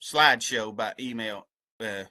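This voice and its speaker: A man's voice: fairly low pitch, unhurried, pushed and bright. A man with a rural American accent giving an earnest, folksy talk about his community service work, then taking questions on a video call. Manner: earnest, folksy, passionate, with many restarts. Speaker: head of a community service corps.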